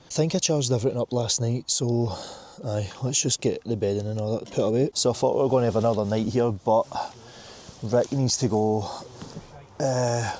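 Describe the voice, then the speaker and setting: A Scottish man with a husky, brash voice, chatting casually as a travel vlogger outdoors. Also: medium pitch, normal speed, dark tone, slight background noise. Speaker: vlog host. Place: outdoors by campervans.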